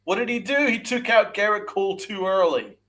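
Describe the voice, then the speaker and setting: A man's voice: high-pitched, a little fast, fairly bright tone. A man hosting a podcast, ranting angrily and swearing, repeating his points and firing rhetorical questions at his listeners. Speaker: podcast host. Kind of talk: angry sports rant with live chat.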